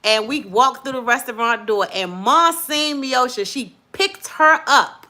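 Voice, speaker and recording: A middle-aged woman hosting a casual live stream, lively and preachy, praising God between her chatter. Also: on the high side, unhurried. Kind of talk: casual chat with viewers and callers.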